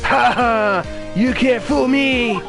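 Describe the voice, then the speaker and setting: A man voicing a bratty, boastful young boy who shouts indignant taunts. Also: very high-pitched, very slow, creaky, over music, voice pushed up, exaggerated voice. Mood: defiant. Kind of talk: voicing a game character aloud.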